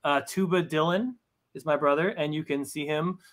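Pitched on the high side and fairly bright, this man speaks at a normal speed in a steady tone. He's a comic book writer chatting casually as an interview guest, full of stammered restarts and self-deprecating remarks.

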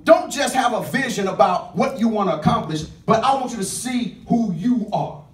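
A man's voice: high-pitched, animated, normal speed. A man preaching a sermon as pastor, speaking with call and response and acting out the voices of people in his stories. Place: church sanctuary. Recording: echoey church room, mic at a distance. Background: congregation responding with amens.

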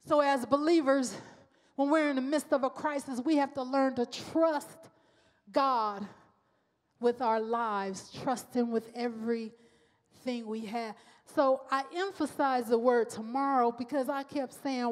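A woman preaching a sermon, mixing personal testimony with slow, emphatic repetition. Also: high-pitched, steady tone. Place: church sanctuary. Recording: long hall reverb.

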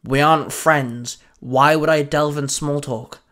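A man's voice: on the high side, big pitch swings, takes it slowly. A man voicing a cold, blunt young woman who snaps and barks her replies. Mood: curt. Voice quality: curt, snapping.

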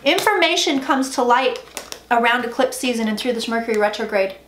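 Fast, profane, excited woman tarot reader. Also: fairly high pitch. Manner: rapid, profane, emphatic, says she talks like an auctioneer. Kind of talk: excited tarot reading monologue. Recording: echoey room with faint noise.

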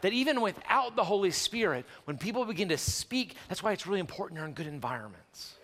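High-voiced pastor preaching in a hall. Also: male voice. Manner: animated and conversational, with quick restarts and jokes. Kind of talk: sermon. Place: church sanctuary. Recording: long church hall reverb.

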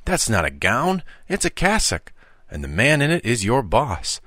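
Brief: man playing a self-assured older schoolboy, raised pitch, lively, dry close recording. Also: dry recording, exaggerated voice. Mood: superior. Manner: brisk, self-assured, slightly lofty. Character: knowing schoolboy, confident and a bit superior.

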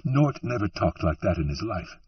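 A man's voice: low voice, sing-song, normal speed, husky, heavily acted. A man doing a shrewish, worn-out saloon woman. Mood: weary. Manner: shrewish, by turns screaming and tearful. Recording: dull, distant lo-fi recording.

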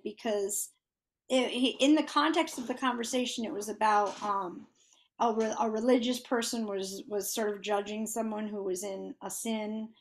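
A woman's voice: on the high side, fairly even intonation, normal speed. A woman hosting a casual faith conversation, chatty, with many fillers and restarts. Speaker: podcast host.

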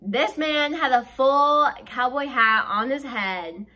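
A young woman from the South tells a storytime vlog in a chatty, animated rush, leaning on "like" at every turn. Her voice sits a little high and sounds bright and clear. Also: slow pace. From American South. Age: young adult. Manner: chatty and animated, heavy use of "like". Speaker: vlogger.

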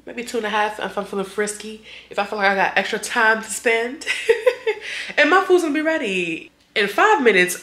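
A woman's voice: mid-range voice, bright, forceful tone, roomy sound. A young woman vlogger, chatting playfully and directly to her viewers. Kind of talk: casual sponsored vlog chat.

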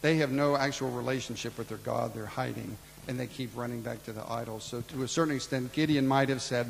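A man preaching a sermon, acting out Bible dialogue in his own voice and swinging between loud and hushed. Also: medium pitch, fairly quick, gravelly, few pauses, in a large hall, slight background noise, rough recording. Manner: preaching with acted-out Bible dialogue, rising and falling in volume. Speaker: pastor.

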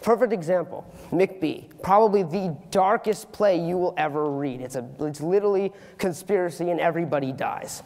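A teenage boy giving an earnest, animated student talk on stage, with comic asides. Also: high-pitched, moderate pace, hardly any pauses, long reverb tail. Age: teens. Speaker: student speaker. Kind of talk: youth public talk. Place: auditorium stage.

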